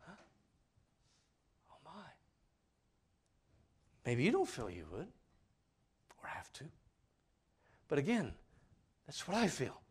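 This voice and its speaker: A man preaching a sermon, emphatic and full of questions to his listeners, swinging between loud declarations and hushed asides. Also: fairly high pitch, wildly swooping pitch, slow, pauses often, husky.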